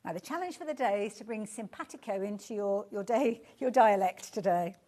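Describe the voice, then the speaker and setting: With a medium-pitched voice, lively intonation and a fairly quick pace, a live shopping show presenter warmly describes the items and responds effusively to comments from viewers.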